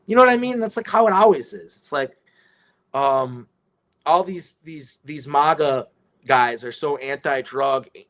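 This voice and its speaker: A man's voice: a little high, measured pace, fairly bright tone. A man telling a rambling story in casual conversation, swearing often and restarting his sentences. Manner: rambling, profane, many restarts.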